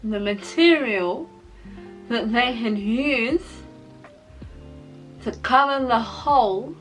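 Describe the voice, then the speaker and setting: A woman vlogger sharing a personal testimony in casual storytelling, animated as she acts out her own past reactions, her speech altered by a mouth cover plate. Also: on the high side, slow, faint music behind, rough recording.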